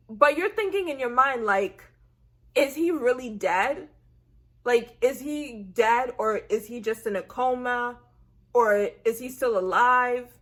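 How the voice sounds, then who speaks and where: A woman recapping a TV episode in a casual, animated way, acting out her own reactions and leaning on "like" and "I said". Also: fairly high pitch. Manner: chatty, heavy use of "like" and "I said". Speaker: TV recap vlogger.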